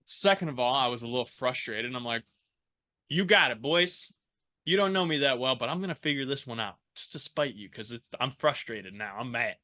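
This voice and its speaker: A man telling his own story as a podcast guest, casual and animated, swearing freely and acting out the people he quotes. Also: mid-range voice, fairly quick.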